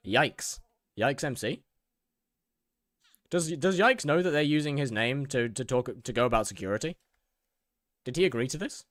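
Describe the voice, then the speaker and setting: A man's voice: mid-range voice, lively intonation, normal speed, pauses often, a bit bright, no echo, studio quality. A young man streaming a game, reading in-game text aloud, laughing often and reacting with mock outrage. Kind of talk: casual gaming commentary.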